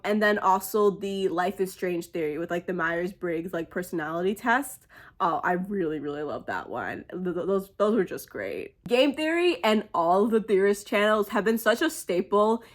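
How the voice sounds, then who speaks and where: A woman's voice: mid-range voice, expressive, normal speed, fairly bright tone. A young woman talking casually and emotionally as a fan, gushing with many fillers. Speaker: fan sharing a tribute. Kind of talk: casual personal monologue.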